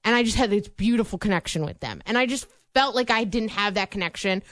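A woman chatting casually and telling a story in an animated way, laughing often. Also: medium pitch, quick pace, no room sound. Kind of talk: casual chat.

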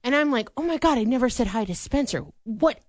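A lively young woman co-hosting a radio show, her pitch leaping all over as she tells a story and laughs between lines. Her voice sits a little high and sounds close and dry. The talk is easygoing radio banter. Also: fast talker, no echo. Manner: animated storyteller, laughs often. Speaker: radio co-host. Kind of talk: casual radio chat.

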